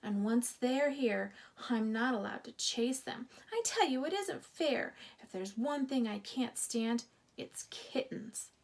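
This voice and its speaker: Storybook dog voiced by a woman: grumpy camp watchdog, loud and complaining, slow gravelly delivery. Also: a little high, animated, heavily acted. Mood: grumbling. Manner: complaining, barking loudly.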